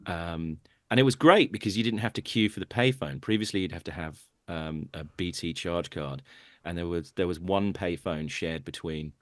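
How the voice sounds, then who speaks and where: A man's voice: deep voice, normal speed, a bit bright, dry recording, studio quality. A man, a comedian guest on a comedy podcast, telling rambling, sardonic stories over a video call.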